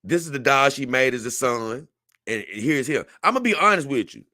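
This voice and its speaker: A young man hosting a casual livestream, reading a text aloud and reacting to it in an animated, conversational way. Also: medium pitch, moderate pace, dry recording, clean studio sound. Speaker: livestream host.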